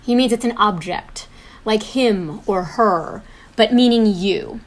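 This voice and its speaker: A woman's voice: mid-range voice, slow. A woman co-hosting an instructional video, explaining grammar in an upbeat, encouraging teacher manner. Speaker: co-host and instructor.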